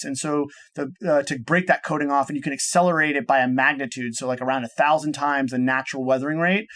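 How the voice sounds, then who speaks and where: A man's voice: a little high, fairly bright tone. A man speaking as a guest on an interview show, explaining enthusiastically and rambling, often restarting his sentences and linking ideas with "and so". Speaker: podcast guest, startup cofounder. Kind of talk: casual explanatory interview talk.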